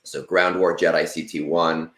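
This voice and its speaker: A man's voice: low-pitched, flat delivery, normal speed, fairly bright tone, reverberant. A man in his late thirties hosting a casual livestream, rambling and self-deprecating, with lots of fillers. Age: 30s. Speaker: stream host.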